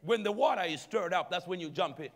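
A man preaching a sermon as pastor, animated, calling out to the congregation and chuckling between points. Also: sits high, fairly quick, in a large hall. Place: church sanctuary.

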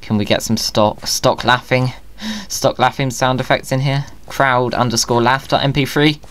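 A man's voice: mid-range voice, fairly even intonation, moderate pace, a bit bright. A man giving playful, jokey commentary over his own gameplay, often talking to himself. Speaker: Minecraft video creator.

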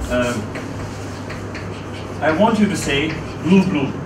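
A male teacher speaks slowly and expressively in a slightly high voice, asking his class questions as he leads a word exercise. The lecture is captured at a distance in an echoey room with background noise.

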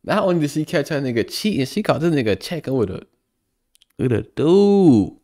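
A man's voice: fairly high pitch, very animated, moderate pace, warm tone. A man hosting a prank video, giving casual commentary in laid-back slangy asides. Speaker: prank show host.

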